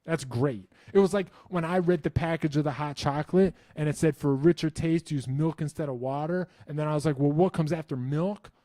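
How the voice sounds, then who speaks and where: A man's voice: fairly high pitch, fairly quick, hardly any pauses, mellow, dry recording. Rambling, wry man on a dry mic. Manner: rambling, self-interrupting, laughs often; wry and enthusiastic. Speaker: channel host answering viewer questions. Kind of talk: casual live stream chat.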